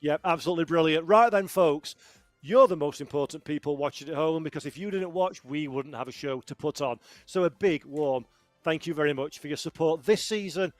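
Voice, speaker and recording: A man leading esports race commentary, upbeat and brisk as he hands off to each segment. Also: on the high side, no room sound, soft background music. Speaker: lead commentator.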